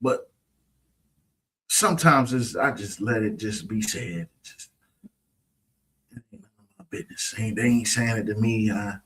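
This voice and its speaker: This man's fairly low, slightly bright voice moves unhurriedly, broken by long pauses. He delivers a streamed scripture lesson with a preachy, mocking air, repeatedly asking "you understand?"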